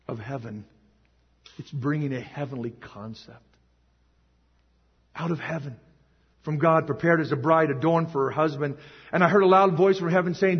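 An emotional preacher with a high, husky voice delivers a sermon. He swings between quiet reflection and loud, emphatic shouts. His voice echoes through a long hall on a muffled, lo-fi recording. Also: normal speed, long pauses. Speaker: pastor. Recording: echoey hall, dull lo-fi sound.

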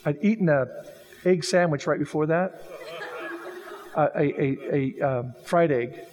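A man's voice: on the high side, fairly quick. A man preaching a sermon, telling jokey stories and acting out the quoted lines. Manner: animated, jokey storytelling with acted-out quotes. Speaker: pastor. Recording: long reverb of a hall.

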